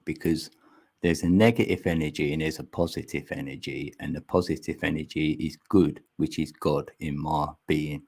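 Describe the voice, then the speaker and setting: A man's voice: rumbling low, steady tone, moderate pace, creaky, a little mellow, breathy edge. A man hosting a livestream, chatting casually with viewers and rambling through musings with frequent laughs, on a mic mounted on an arm extension. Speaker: livestream host.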